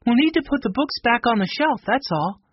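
A man reading a storybook, voicing a practical, capable girl who speaks briskly. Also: very high voice, expressive, husky, no room sound, dull audio, voice pushed up, heavily acted. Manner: brisk, exclaiming.

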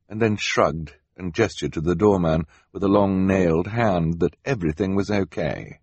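A man narrating a story as an audiobook reader, expressive in delivery. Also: deep voice, normal speed, husky, dry recording. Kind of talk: scripted narration.

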